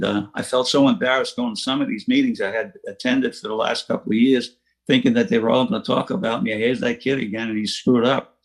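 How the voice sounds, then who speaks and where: An older man tells his recovery story in a plain-spoken way, restarting his sentences and chuckling as he goes. His voice sits at a middle pitch, and he speaks over an online meeting from home. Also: vocal fry, husky.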